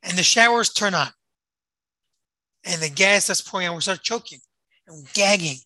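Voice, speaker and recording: Storyteller: very bright, sharp tone, dramatic delivery with repeated phrases, close and dry. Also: medium pitch, moderate pace, no echo, poor audio. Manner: dramatic, repeats phrases for emphasis, rises and hushes. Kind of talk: emotional retold story.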